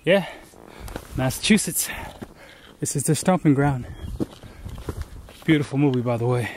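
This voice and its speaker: Speaking at a measured pace in a mid-range voice, a man vlogs his hike along an outdoor trail, with slight background noise. The handheld-camera clip has him casually rambling through stories and emphatic pieces of advice.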